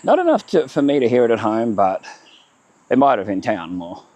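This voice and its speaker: An Australian man rambles through a casual walking tour of his town, chatting in short, self-correcting fragments as he walks outdoors along streets by a river. His mid-range voice is very animated and mellow, at a moderate pace, and the recording is dry.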